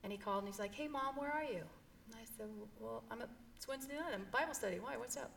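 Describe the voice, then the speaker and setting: A woman's voice: fairly high pitch, very fast, vocal fry, a bit bright, a little hiss or hum. A middle-aged woman telling an emotional personal story in an interview, earnest and heartfelt. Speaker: guest.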